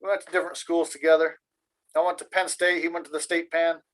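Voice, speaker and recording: A man's voice: fairly high pitch, little pitch movement, fast talker, poor audio. A man from Michigan chatting casually on a video call, rambling and joking in an easygoing way. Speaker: meeting participant. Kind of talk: casual chat.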